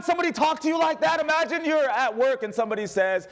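A man preaching a sermon as pastor, animated and humorous, calling on the congregation to respond. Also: extremely high pitch, fast talker, few pauses.

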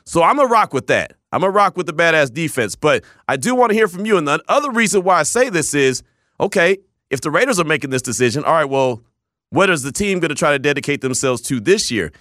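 Animated male sports radio host. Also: a little high, quick pace, no room sound, studio quality. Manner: animated, emphatic, repeats himself.

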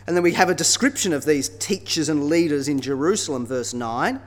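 A man preaching a sermon in a conversational, expressive way, often checking in with tag questions. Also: on the high side, brisk, few pauses. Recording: long reverb of a large hall.

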